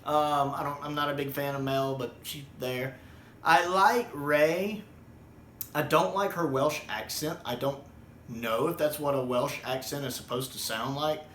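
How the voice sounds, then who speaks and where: A man's voice: fairly high pitch, fairly even intonation, measured pace, a bit bright, echoey room, a little hiss or hum. A man from the United States giving a casual, rambling spoken review with plenty of ums and restarts. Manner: rambling, with many ums and repeated words. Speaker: video reviewer.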